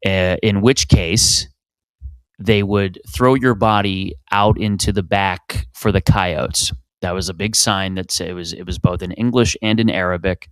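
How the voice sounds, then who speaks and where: A man in his thirties from Canada rambles through a solo comedy podcast, swearing freely and poking fun at himself. His voice sits low and sounds close and dry, with no room around it. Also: steady tone, a little slow, clean tone, no echo. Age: 30s. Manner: rambling, profane, self-mocking. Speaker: podcast host.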